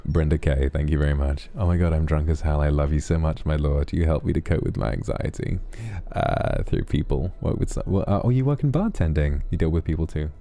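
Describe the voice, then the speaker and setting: Very deep, dark-voiced man reading messages softly. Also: a little fast, hardly any pauses. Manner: soft, affectionate, relaxed. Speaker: streamer reading viewer donations. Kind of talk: sleepy ASMR donation reading.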